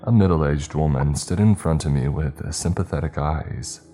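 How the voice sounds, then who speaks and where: A man narrates a first-person story in a measured, steady manner. His voice is extremely low and mellow. Faint music runs under the reading.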